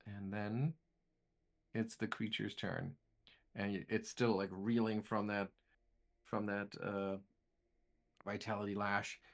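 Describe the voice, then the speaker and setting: A man narrating a tabletop game as game master, describing scenes haltingly. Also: on the low side, level tone.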